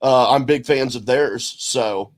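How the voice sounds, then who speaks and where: A man co-hosting a podcast in casual chat, speaking bluntly and haltingly and restarting his sentences. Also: medium pitch. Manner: halting and blunt, with frequent restarts and mild swearing. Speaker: podcast co-host.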